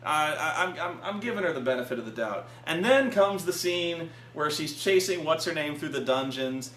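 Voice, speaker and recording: A man reviewing a film in casual chat at a friend's house, animated and profane, stammering through restarts. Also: on the high side, moderate pace. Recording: echoey room with faint hum.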